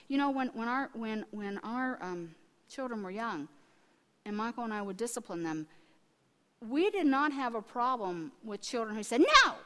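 A middle-aged woman preaches with a fairly high voice, telling family stories and animatedly acting out the people in them. Her sermon rings with the long reverb of a large hall. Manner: animated storytelling, acting out quotes with restarts.

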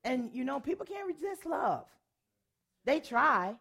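An older woman pastor and worship leader, preaching in a storytelling way, animated and often laughing as she tells a personal story. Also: high voice, a little slow. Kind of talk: sermon storytelling.

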